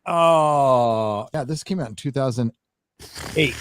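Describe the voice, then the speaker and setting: A man's voice: medium pitch, takes it slowly, clean tone. A man hosting a live stream, chatting casually and bluntly with lots of swearing while reading out donations. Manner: blunt and profane, reads out donations. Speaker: host.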